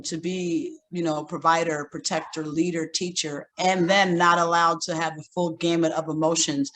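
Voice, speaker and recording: A woman guest in a casual conversation, speaking thoughtfully in a halting way. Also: fairly low pitch, fairly bright tone, a little hiss or hum. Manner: thoughtful, halting, with restarts and fillers.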